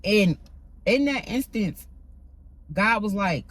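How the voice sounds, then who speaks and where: A woman's voice: fairly low pitch, animated, normal speed, breathy edge, poor audio. A woman giving a casual, emphatic faith talk to her viewers, often checking in with "right?" as she goes. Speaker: faith vlogger. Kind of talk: casual spiritual talk to camera.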